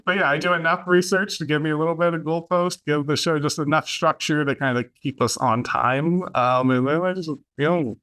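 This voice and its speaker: A man's voice: a little high, fairly even intonation, brisk, few pauses, fairly bright tone. A man hosting a podcast, talking casually and rambling a little, with plenty of fillers and false starts. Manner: rambling, with many fillers and restarts. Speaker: podcast host.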